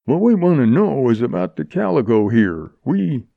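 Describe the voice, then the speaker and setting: A man voicing a quarrelsome bearded outlaw, blustering in a rough drawl. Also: mid-range voice, sing-song, moderate pace, dry recording, pitched above the performer's own voice. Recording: dull lo-fi audiobook recording.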